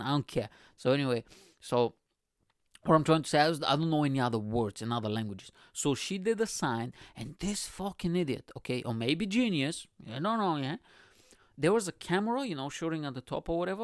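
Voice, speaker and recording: A man's voice: fairly high pitch, no echo, clean studio sound. A man from Bulgaria, hosting a podcast in a rambling, profane comedic rant full of vocal sound effects. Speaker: podcast host.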